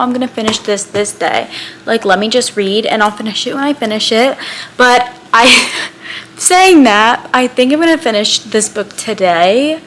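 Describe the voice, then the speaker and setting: A young woman talks casually to her camera about the books she is reading. She is chatty and excitable, filling her sentences with "like". Her pitch sits in the middle, and a faint hiss runs under the home recording. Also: low-quality recording. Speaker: book vlogger. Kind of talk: casual reading vlog chat.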